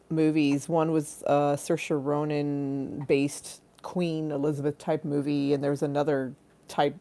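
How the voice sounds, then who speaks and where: A woman's voice: sits low, a little mellow. A young woman hosting a bawdy comedy livestream, chatting loosely, giggling and dropping into irreverent asides. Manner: giggly, irreverent, breaks into shrieking laughter. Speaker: livestream host.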